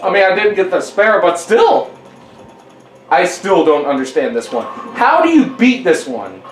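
A young man giving casual gameplay commentary at home, exasperated and yelling at the game. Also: sits high, very animated, a little slow, roomy sound, faint music behind, low-quality recording. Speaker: gaming YouTuber. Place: home living room.

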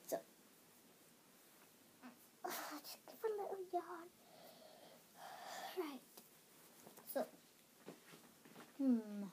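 A woman's voice: fairly high pitch, noisy background. A woman vlogging casually to camera, hesitant and rambling, often dropping to a whisper.

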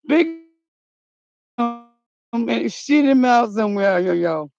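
A woman vlogging outdoors in the cold, talking in a dramatic, slangy way and shouting out calls. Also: on the high side, lively intonation, unhurried, vocal fry, long pauses, no room sound. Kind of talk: casual outdoor vlog. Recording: dull lo-fi phone audio.

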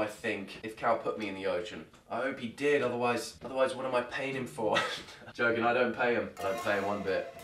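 A man's voice: mid-range voice, fairly quick. A young man hosting a reaction video, rambling and joking, swearing and laughing often. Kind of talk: comedic reaction commentary.

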